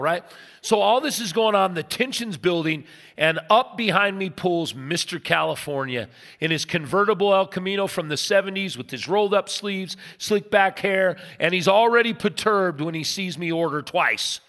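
Brief: animated man in his fifties telling stories from the pulpit, bright voice, long hall reverb. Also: high voice, moderate pace. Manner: animated storyteller, acts out voices. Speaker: pastor. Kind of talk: sermon with storytelling.

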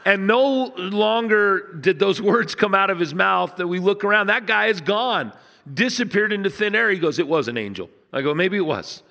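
A man preaching a sermon, telling stories in a conversational way and dropping low and soft to stress points. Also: moderate pace, vocal fry, long reverb tail. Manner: storytelling, conversational, dips low and soft for emphasis. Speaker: pastor.

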